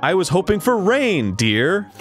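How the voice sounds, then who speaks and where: A man's voice: high voice, big pitch swings, a little slow, soft background music, voice pushed up. A man voicing a grouchy elderly farm wife who complains wearily. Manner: complaining, weary.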